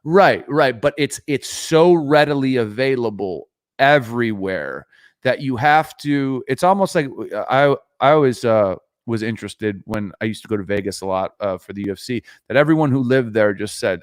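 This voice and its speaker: A man co-hosting a podcast, talking in a rambling, halting way. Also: mid-range voice, expressive, no echo, studio quality. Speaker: podcast co-host. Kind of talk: casual chat.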